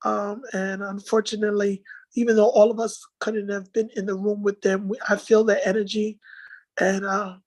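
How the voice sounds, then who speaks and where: A woman's voice: medium pitch, flat delivery, darkish tone, no echo, rough recording. Emotional woman recapping an event. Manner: halting, many fillers and restarts, emotional. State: tearful at times. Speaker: nursing association organizer presenting slides. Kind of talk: casual spoken slideshow recap.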